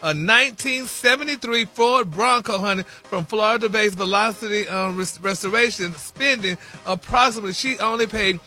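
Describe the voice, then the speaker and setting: A man's voice: high voice, moderate pace, few pauses, bright, forceful tone, soft background music. A man reporting celebrity news on a radio show in a sassy, gossipy way, calling listeners "honey" and "y'all" constantly. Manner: sprinkles "honey" and "y'all" through every sentence; sassy, chatty.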